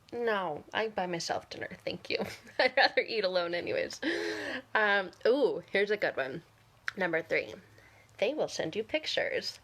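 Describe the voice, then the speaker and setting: A woman vlogger talking casually to camera, candid and sarcastic, often laughing. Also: mid-range voice.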